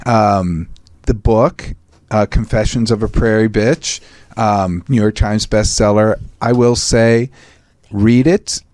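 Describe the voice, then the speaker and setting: Enthusiastic, halting male podcast host. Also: fairly low pitch, fairly even intonation, a little mellow, no echo, studio quality. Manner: enthusiastic, halting, restarts often. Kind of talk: conversational interview.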